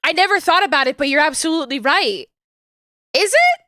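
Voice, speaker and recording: A chatty woman streamer whose natural voice sits high and sounds bright. Her tone is smooth and clean, and the sound is dry and close. She talks casually and laughs often. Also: lively intonation, fast, dry recording. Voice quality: high natural register, finds low voices hard. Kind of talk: casual chat while streaming a game.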